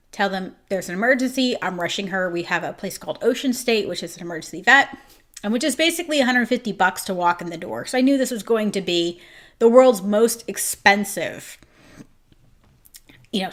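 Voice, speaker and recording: Woman salon owner ranting through a story, lots of "like", middle pitch. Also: fairly bright tone. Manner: emotional, fast-shifting retelling with many "like"s. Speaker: grooming salon owner and host. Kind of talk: casual storytelling monologue.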